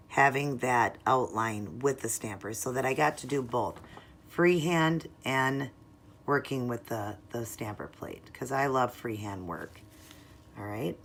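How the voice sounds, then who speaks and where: A woman walking viewers through a nail art tutorial in a chatty, step-by-step way, sometimes murmuring softly while she works. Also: very deep voice, creaky, a little hiss or hum. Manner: chatty, explains each step, drops into soft murmurs while working.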